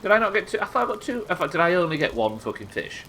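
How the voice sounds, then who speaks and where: Streamer, male, young, bright lowish voice, casual swearing, faint room ambience. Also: big pitch swings, racing, slight background noise, low-quality recording. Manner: chatty, swears freely, thinks aloud. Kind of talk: live gameplay commentary.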